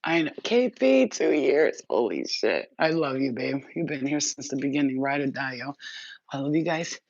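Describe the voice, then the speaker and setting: A woman's voice: extremely low pitch, sing-song, moderate pace, a little mellow, dry recording. A woman doing a spiritual reading, talking in a casual livestream chat that is blunt, profane and rambling. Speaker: spiritual reader. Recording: dull lo-fi, dry.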